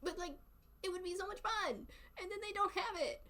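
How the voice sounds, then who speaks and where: A woman's voice: very high voice, a little fast, bright, forceful tone. A chatty woman with a thick Southern US accent, laughing often as she talks casually with her stream followers. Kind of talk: casual chat.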